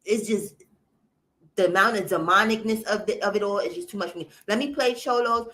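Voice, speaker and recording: A woman's voice: mid-range voice, fairly even intonation, brisk, sharp tone. A woman hosting a livestream, ranting bluntly to her viewers in casual, profane reaction commentary. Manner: indignant ranting. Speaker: livestream host.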